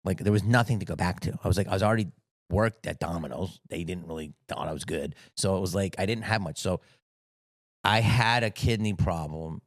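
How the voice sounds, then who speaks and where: Profane, animated man telling stories. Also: low voice, brisk, no room sound, studio quality. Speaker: guest. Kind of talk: casual storytelling interview.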